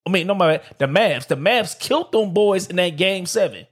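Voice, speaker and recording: Animated slangy man hosting a podcast. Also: high-pitched, normal speed, slightly rough. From Detroit, USA. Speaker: podcast host. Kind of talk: casual solo sports talk. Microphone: streamed live on camera.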